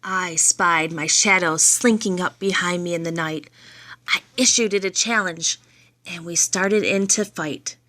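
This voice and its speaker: A woman reading children's poems aloud, in a lively and expressive read-aloud manner. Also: on the low side, measured pace. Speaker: reader.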